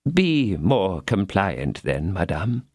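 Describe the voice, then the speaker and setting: A stern, unbending royal chancellor, read by a male narrator, measured and coldly courteous. He speaks slowly with dry, close storybook sound. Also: low voice, very animated, darkish tone, slightly rough, no room sound, voice pushed down, heavily acted. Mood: insistent. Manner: firm, slow, formal and courteous.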